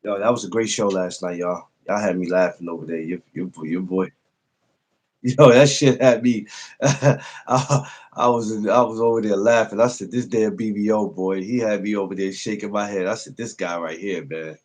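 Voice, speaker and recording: Husky, profane podcast host greeting chat. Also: male voice, deep voice, steady tone, a little fast, few pauses. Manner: loose, profane, greets viewers by name, laughs often. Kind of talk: casual livestream chat.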